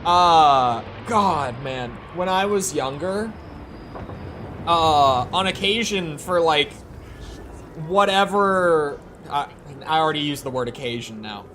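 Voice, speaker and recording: A man's voice: on the high side, lively intonation, slow pace, pushed and bright, a little hiss or hum. A man streaming a game, chatting casually with rambling, self-correcting, sarcastic asides. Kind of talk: casual gameplay commentary.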